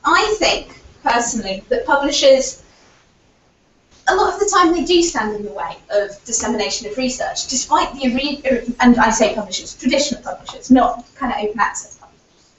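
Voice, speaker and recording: A conference speaker with a high voice and lively intonation argues her case earnestly at a moderate pace, using lots of fillers, her voice not yet fully recovered. The lecture hall recording is echoey, distant, and dull lo-fi, with a bit of hiss or hum.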